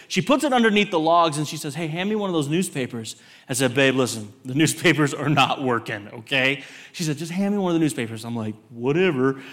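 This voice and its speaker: A young man with a drawl preaching as a guest speaker, his voice sitting a little high for a man. He tells a funny personal story in a folksy, joking way, checking in with the congregation as he goes. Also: a bit bright. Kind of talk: sermon with humorous storytelling.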